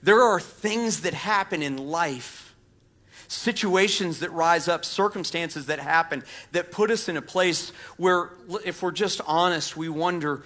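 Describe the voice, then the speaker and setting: Male pastor in his thirties, relaxed preaching with lots of ums, voice sitting a bit high with a bright edge. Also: measured pace. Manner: casual storytelling, self-deprecating, frequent fillers. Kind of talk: sermon. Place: church auditorium.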